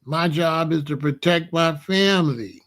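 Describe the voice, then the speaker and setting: High-voiced man preaching emphatic commentary. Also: a little slow, fairly bright tone. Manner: preachy, emphatic, repeats himself. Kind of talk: monologue commentary to camera.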